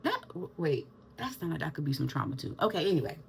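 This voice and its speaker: Gravelly-voiced woman vlogging. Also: low-pitched, fast, a little hiss or hum. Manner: animated, addresses viewers as y'all, Southern US slang. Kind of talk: casual storytelling to camera.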